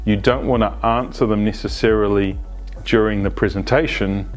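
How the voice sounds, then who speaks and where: A man talks through a planning method in a relaxed, explanatory way. His voice sits fairly low, and he often breaks off mid-phrase to correct himself or add an aside. Faint music plays quietly behind him. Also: normal speed. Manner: explanatory, conversational, with frequent restarts and asides. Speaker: agile coach presenting a video series. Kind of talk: unscripted instructional talk.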